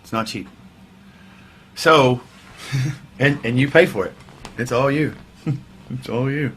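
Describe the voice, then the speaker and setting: A man, a veteran musician telling his story in a casual interview, candid and wry, swearing freely and dropping into quiet asides. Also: mid-range voice, takes it slowly, a little hiss or hum. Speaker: podcast guest, veteran musician.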